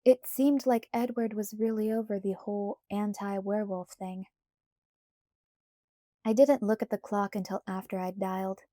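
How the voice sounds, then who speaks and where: A woman narrating a novel aloud in the first person, in unhurried scripted storytelling. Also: mid-range voice, steady tone, mellow, no room sound, clean studio sound. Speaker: audiobook narrator.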